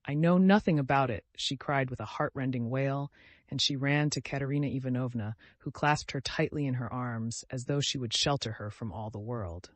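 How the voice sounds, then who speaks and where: A man narrating a classic novel in a measured, dramatic reading. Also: mid-range voice, fairly even intonation, fairly bright tone, no room sound. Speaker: audiobook narrator. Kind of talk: scripted narration.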